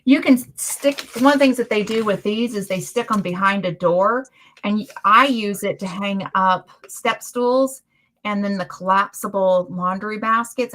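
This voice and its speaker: A woman hosting a casual chat stream, telling stories in a chatty, animated way. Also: medium pitch. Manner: chatty storytelling, animated retellings. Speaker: livestream host.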